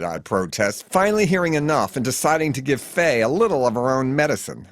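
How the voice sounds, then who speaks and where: Man, audiobook memoir narration, comic storytelling, animated pitch, dry close recording. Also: normal speed, few pauses, no room sound. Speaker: author narrating his memoir.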